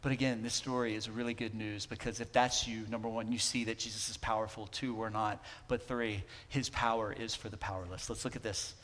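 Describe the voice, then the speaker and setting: A man preaching a sermon as pastor, talking conversationally and swinging between emphatic lines and hushed ones. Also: on the low side, level tone, a little fast, few pauses, big-room sound. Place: church sanctuary.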